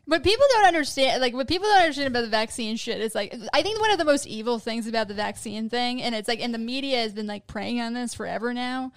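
High-voiced woman in dry podcast chat. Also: lively intonation, fast, hardly any pauses, no echo. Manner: laughing, filler-heavy. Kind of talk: casual chat.

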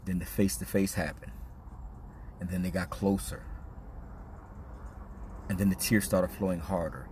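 Low-voiced man telling a candid story. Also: steady tone, moderate pace, long pauses, a little mellow, a little hiss or hum. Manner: casual slang-heavy, reflective and confessional. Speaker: podcast host.

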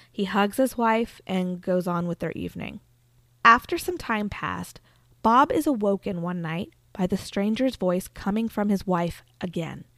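A woman's voice: medium pitch, no room sound. A woman hosting a podcast, telling a true-crime story in a chatty, casual way with frequent fillers. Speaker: podcast host.

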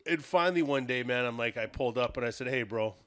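A man co-hosting a podcast in casual chat, a provocative joker and animated storyteller. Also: mid-range voice, fast talker, smooth. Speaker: podcast co-host.

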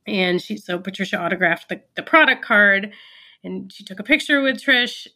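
Woman, bright voice, founder guest in an interview, earnest storytelling with lots of "um"s. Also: medium pitch, animated, moderate pace. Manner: earnest, reflective, with fillers and restarts.

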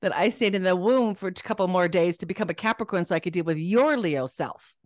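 Woman guest, animated storyteller, plays out the quotes, laughs easily; dry close sound. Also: fairly low pitch, brisk, dry recording. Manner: lively storyteller, acts out quoted voices, laughs often. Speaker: guest author. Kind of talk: casual podcast interview.

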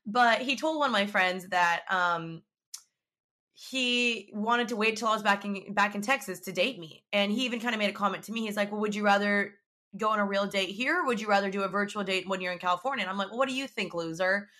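A young woman chatting casually to the camera, telling a dating story in an animated, chatty way and acting out quotes. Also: mid-range voice, brisk. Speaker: vlogger.

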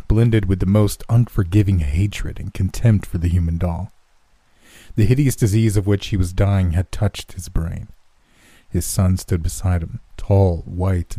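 Man, horror story narrator, measured storytelling, very deep voice, dry close sound. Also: mellow, no echo. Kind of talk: scripted narration of a gothic horror tale.

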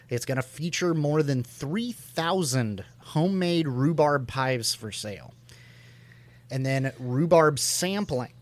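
A man with a slightly high, very lively voice hosts a loose comedic chat. He laughs a lot and reads event listings aloud in a playful tone. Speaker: podcast co-host.

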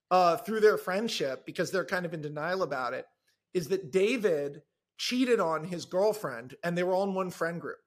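A man on a podcast as a guest screenwriter, chatting casually in an excited, rambling way. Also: sits high. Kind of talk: casual chat.

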